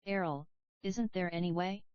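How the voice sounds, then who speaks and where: A woman's voice: lowish voice, normal speed, smooth, no room sound, close to an everyday voice. A woman reading the part of a timid male encyclopedia salesman, hesitant and apologetic. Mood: tentative. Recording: slightly dull, dry recording.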